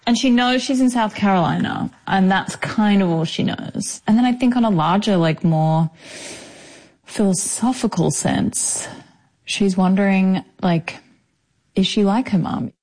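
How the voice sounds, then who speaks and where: A woman's voice: mid-range voice, unhurried, darkish tone. A woman with an Australian accent, an actress talking casually in an interview, chatty with many fillers. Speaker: actress, guest.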